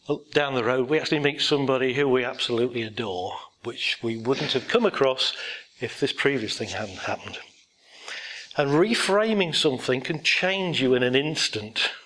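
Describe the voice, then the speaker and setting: A man's voice: mid-range voice, fairly bright tone, a little hiss or hum. A man giving a motivational talk to an audience, blunt and rambling, telling anecdotes with self-deprecating laughs.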